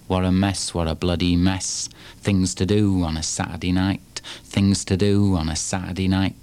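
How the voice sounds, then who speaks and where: A man's voice: low-pitched, steady tone, moderate pace, a little mellow, smooth. A man from Yorkshire with a Yorkshire accent, performing his own poems in a punchy, rhythmic chant full of repeated refrains. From Yorkshire, England. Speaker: performance poet. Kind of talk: live performance poetry reading.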